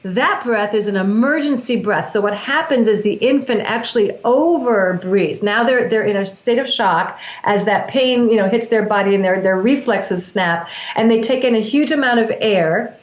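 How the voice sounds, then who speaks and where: A woman's voice: mid-range voice, moderate pace, hardly any pauses. A woman, a breath work practitioner, earnestly explaining her practice in an interview, often restarting her sentences. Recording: echoey, dull lo-fi sound.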